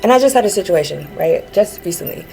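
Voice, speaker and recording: A woman's voice: lowish voice, animated, fast, creaky, mellow, faint music behind, rough recording. A woman vlogging a rambling personal rant, earnest and frustrated, with many fillers and restarts.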